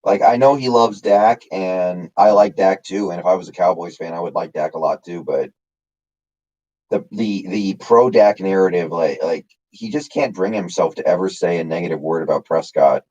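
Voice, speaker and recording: A man's voice: low voice, normal speed, mellow. Rambling man streaming, dull lo-fi mic. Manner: rambling, reads chat names, many fillers. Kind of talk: casual live-stream chat.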